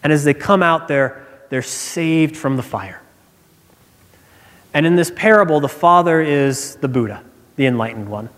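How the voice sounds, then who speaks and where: A man's voice: fairly high pitch, unhurried, long pauses, fairly bright tone. A man preaching a sermon as pastor, earnest and emphatic, repeating his key points, recorded in a church sanctuary with long reverb.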